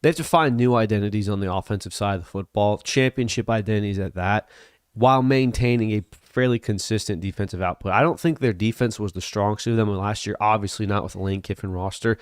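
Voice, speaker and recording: Low-voiced male sports co-host. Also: fast, clean tone, dry recording, studio quality. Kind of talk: casual sports talk show.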